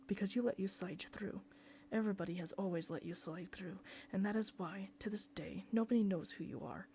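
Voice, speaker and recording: A woman's voice: mid-range voice, fairly quick, mellow, a little hiss or hum, close to an everyday voice. A woman reading the part of a scornful middle-aged male surgeon who lectures and accuses his brother. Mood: accusing.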